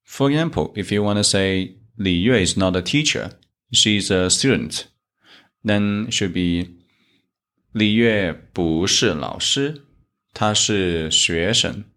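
A man from China with a Chinese accent, teaching a Chinese lesson in English and reading the examples slowly. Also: fairly low pitch, fairly bright tone. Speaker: Chinese teacher, podcast host. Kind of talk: slow, methodical language lesson.

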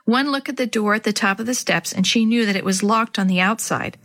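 A woman reading a children's chapter book aloud to young listeners, in a gentle and clear storybook manner. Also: medium pitch, a little fast.

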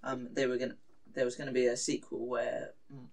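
A man's voice: medium pitch, flat delivery, a little fast, creaky, a little mellow, far from the mic. A man co-hosting a casual podcast chat, telling stories hesitantly with lots of fillers. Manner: hesitant, filler-heavy storytelling. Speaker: podcast co-host.

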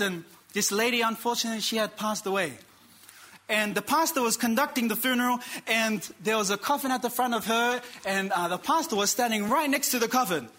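A man preaching a sermon, telling a story with dramatic pauses and calling out to the congregation. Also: very high-pitched, bright, forceful tone. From Australia. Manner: dramatic pauses, quotes characters, calls for amen.

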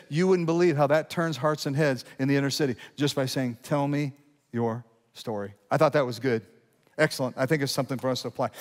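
A man's voice: a little high, in a large hall. A middle-aged man preaching a sermon as pastor, conversational and prone to restarts and asides.

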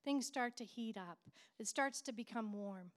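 A woman's voice: fairly high pitch, normal speed. A middle-aged woman pastor preaching a sermon with fervent, repeated declarations.

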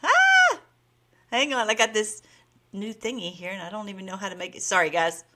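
A woman's voice: medium pitch, quick pace, bright, forceful tone. A woman hosting her own video blog, chatting casually and bubbly with her viewers and laughing often. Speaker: vlog host.

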